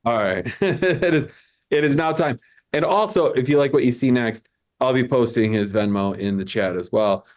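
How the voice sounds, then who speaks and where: Male host, casual comedy banter, rambling, repeats himself, video call audio. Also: medium pitch. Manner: rambling, stammering restarts, quick asides. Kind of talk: casual live-stream banter. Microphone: video call mic.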